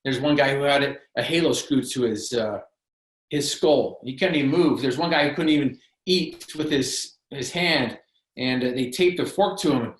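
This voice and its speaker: A man's voice: medium pitch, moderate pace. A man as a podcast guest, telling his own story in an earnest, emphatic, motivational way with punchy alliterative phrasing. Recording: roomy echo.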